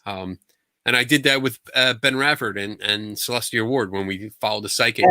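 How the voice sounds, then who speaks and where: A man hosting a casual podcast chat with a guest, relaxed and joking with quick asides. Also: on the low side, no echo. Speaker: podcast host.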